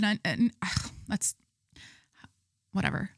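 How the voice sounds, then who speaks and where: A woman's voice: medium pitch, animated, moderate pace, long pauses, fairly bright tone, dry recording, clean studio sound. A young woman hosting her own podcast, telling stories in a rambling, chatty way full of fillers. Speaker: podcast host. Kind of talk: casual chat.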